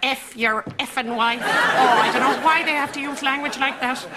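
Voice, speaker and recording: A prim older Irish housekeeper, shocked yet delighting in every rude word she repeats. Her voice sits high and bright. Loud audience laughter and heavy noise surround the sitcom clip. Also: animated, normal speed, a loud crowd. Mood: scandalised gossip. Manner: gossipy, shocked, relishing the swear words.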